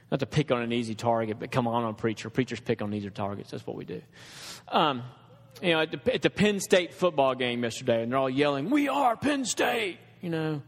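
Earnest man preaching in a reverberant hall. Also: medium pitch. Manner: earnest, conversational preaching with restarts and asides. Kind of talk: sermon.

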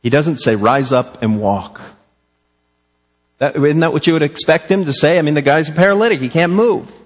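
A man preaching a sermon, animated, asking rhetorical questions and acting out the quoted lines. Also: a little high, fast talker, long reverb tail. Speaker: pastor.

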